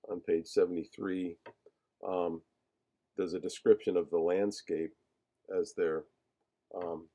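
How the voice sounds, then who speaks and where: A man teaching a class on a film screenplay, talking haltingly with many fillers and restarts as he searches for page numbers. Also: low voice, warm tone. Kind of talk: lecture discussing a film screenplay.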